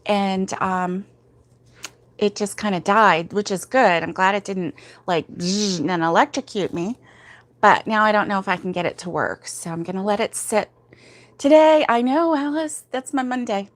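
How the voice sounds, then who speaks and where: A woman's voice: medium pitch, normal speed, dry recording. A woman hosting a casual crochet livestream, rambling and laughing as she answers viewers' comments, sleepy and yawning, talking from home. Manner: chatty and rambling, many fillers, laughs often.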